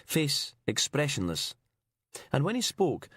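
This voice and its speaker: A man with a low voice reads a crime thriller audiobook in a measured, grim tone. The sound is close and dry, with no room around it. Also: sing-song, a bit bright, husky, no echo. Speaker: audiobook narrator. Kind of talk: scripted narration.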